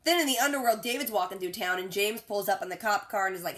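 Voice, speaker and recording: A young woman recapping a TV episode in a slangy, excitable way, sounding a bit sick and acting out characters' lines. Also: medium pitch. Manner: acts out characters' lines in quick voices. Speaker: TV reaction vlogger. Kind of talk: casual recap and reaction.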